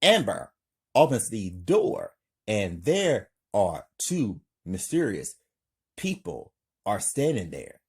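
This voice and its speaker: A man's voice: on the low side, wildly swooping pitch, slightly rough. A man narrating an amateur crime story for his channel, reading plainly. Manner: slow, plain reading with hype outro.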